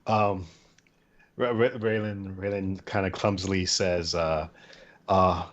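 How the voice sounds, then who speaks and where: A man's voice: sits low, steady tone, slow pace. A man playing a tabletop game, speaking hesitantly and stumbling over his character's words on an online voice call. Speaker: player.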